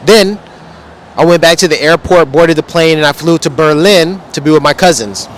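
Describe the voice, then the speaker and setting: This outdoor vlog by a wall display features a man whose voice sits a little high and moves at normal speed. He chats loosely with plenty of slang, and there's a faint hiss or hum in the audio.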